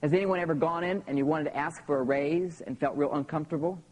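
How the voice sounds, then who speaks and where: A man's voice: fairly high pitch, fast talker, darkish tone, poor audio. A man in his thirties tells personal stories in a live seminar talk to an audience, often checking in with "okay?". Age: 30s. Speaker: seminar speaker.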